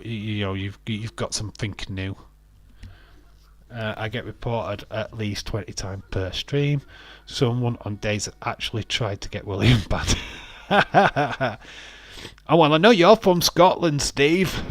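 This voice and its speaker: A man's voice: fairly low pitch, no room sound. Chatty man streaming. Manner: rambling, laughs often, restarts words. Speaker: wrestling watch-along streamer. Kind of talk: casual live stream chat, reading out viewer comments.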